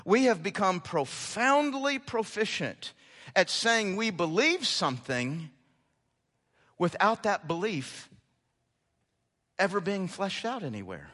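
Bright-voiced preacher in a reverberant hall. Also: male voice, sits high, very animated, takes it slowly, pauses often. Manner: emphatic, repeats words and rises sharply on key lines. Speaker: pastor. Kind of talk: sermon.

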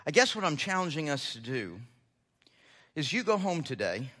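A man preaching a sermon as pastor, emphatic, often repeating words and climbing sharply in pitch on his key lines. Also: very animated, moderate pace, bright, forceful tone. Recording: long hall reverb.

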